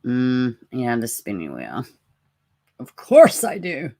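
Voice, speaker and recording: Woman, deep raspy voice, casual live-stream host who greets her chat. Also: huge pitch swings, slow, mellow. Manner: chatty, greets viewers by name, asks for prayers. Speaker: livestream host.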